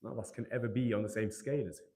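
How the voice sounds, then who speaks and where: A man's voice: fairly low pitch, fairly even intonation, very fast, mellow. A man gives a religious talk to young people in a hall, telling stories, acting out quoted dialogue and asking rhetorical questions. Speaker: youth majlis speaker.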